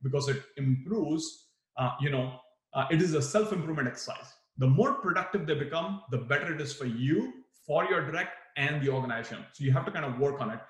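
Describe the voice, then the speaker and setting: A man's voice: fairly high pitch, fairly quick, a bit bright, reverberant. A man teaching a workshop for new managers, acting out example replies with big swings in his voice. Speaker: management trainer. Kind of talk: live workshop talk on management.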